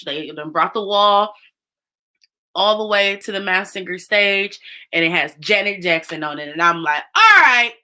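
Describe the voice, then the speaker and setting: A woman's voice: medium pitch, bright, forceful tone. A woman chatting casually on a live stream, recapping a show and talking straight to her viewers.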